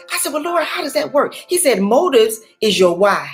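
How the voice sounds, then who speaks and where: A woman's voice: a little high, big pitch swings, normal speed, few pauses. A woman in her forties or older, a life coach giving a faith-based motivational talk, repeating her key words for emphasis. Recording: faint music behind.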